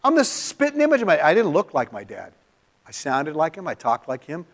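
A middle-aged man from California preaching in a church, telling a personal story in an emotional, confessional way, often dropping to a near-hush. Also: on the high side, huge pitch swings, a little fast. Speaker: pastor. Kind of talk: sermon storytelling.

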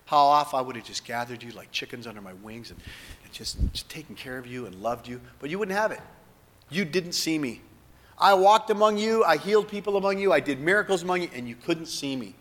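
A man voicing a grieving savior who laments over a city in a soft, hushed, mournful voice. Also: a little high, lively intonation, brisk, long reverb tail, slight background noise. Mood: lamenting.

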